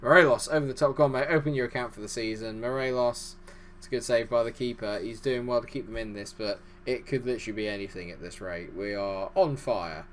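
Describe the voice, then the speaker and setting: A man with a voice of ordinary pitch talks quickly and excitedly as he commentates on a football management game. His delivery is chatty and self-deprecating, with a faint hum of noise behind him. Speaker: gaming YouTuber.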